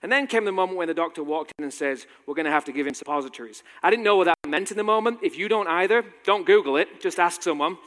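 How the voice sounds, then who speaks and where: A man in his thirties with a British accent touched by American sounds tells a personal story to an audience with dry, self-mocking humor. His voice sits a little high for a man. A long reverb from a large hall trails behind every phrase. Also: fast, hardly any pauses, a bit bright. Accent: British with a slight American tinge. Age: 30s. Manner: wry, self-deprecating humor. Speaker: speaker giving a talk.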